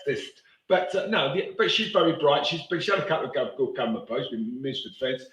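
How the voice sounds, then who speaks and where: Guy ranting fast, swearing, bright voice bouncing around an echoey room. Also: medium pitch, lively intonation. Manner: ranting, storytelling with coarse language. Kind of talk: casual chat.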